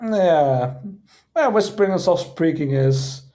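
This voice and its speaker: A man hosts a relaxed chat on his stream, his voice pitched a little high yet mellow and soft-edged. He talks in a quaintly formal way, sprinkling in "indeed" and "I say," and often stops on fillers before going on. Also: slow pace. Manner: hesitant, many fillers. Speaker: streamer host. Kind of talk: casual chat.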